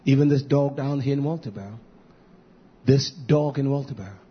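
Husky preacher man, dull lo-fi sermon. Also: normal speed. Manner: emphatic, repetitive preaching that rises to loud high peaks. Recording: dull lo-fi recording.

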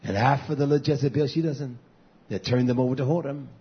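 A man preaching a fiery sermon as pastor, dropping to low mutters and rising to shouted, high cries. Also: steady tone, fast talker, breathy edge. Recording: dull lo-fi sound.

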